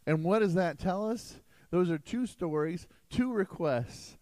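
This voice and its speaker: A man preaching a sermon as pastor in a church sanctuary, emphatic and animated. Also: sits high, measured pace, dry recording, rough recording.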